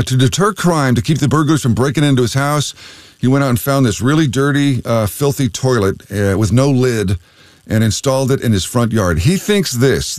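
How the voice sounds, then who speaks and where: A man's voice: mid-range voice, no room sound. A man hosting a radio show, chatting loosely with plenty of fillers as he asks listeners to call in. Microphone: studio mic.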